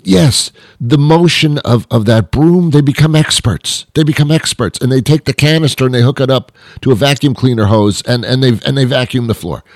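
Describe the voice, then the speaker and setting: A man's voice: mid-range voice, moderate pace, hardly any pauses, no echo, clean studio sound. A man hosting a comedy show, delivering a rambling comic monologue with frequent restarts and mock outrage.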